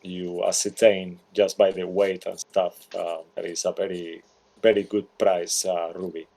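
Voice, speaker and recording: A man narrating as game master in a relaxed, meandering way. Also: low voice, measured pace, vocal fry.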